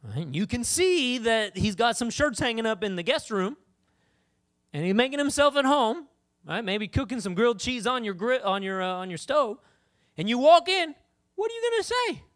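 A woman preacher giving a sermon in a conversational, animated way, often acting out the voices of the people she talks about. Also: a little high, moderate pace.

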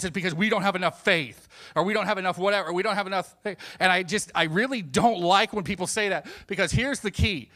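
An animated man preaching a sermon with a fairly high voice. He drops to hushed tones and then builds to emphatic points. He acts out the voices of the people he quotes.

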